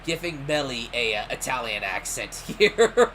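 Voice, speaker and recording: Man musing over a game, lively pitch. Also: slight background noise. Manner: thinks aloud with restarts and self-amused asides. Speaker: gaming streamer. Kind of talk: casual gameplay commentary.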